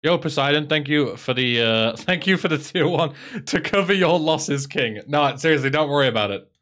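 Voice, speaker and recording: A man's voice: on the high side, lively intonation, moderate pace, fairly bright tone. A man with an English accent chatting casually on a live stream, sarcastic and swearing freely.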